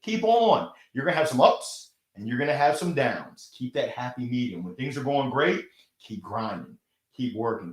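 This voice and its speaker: A man's voice: fairly high pitch, a bit bright, roomy sound. A man hosting a weekly live motivational stream, upbeat and effusive, thanking viewers by name as he reads their comments.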